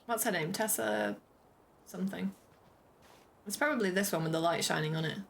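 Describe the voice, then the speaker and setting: Chatty woman streamer with a gravelly edge. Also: lowish voice, moderate pace, slight background noise. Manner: chatty, giggly, reads on-screen text aloud. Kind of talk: casual game commentary.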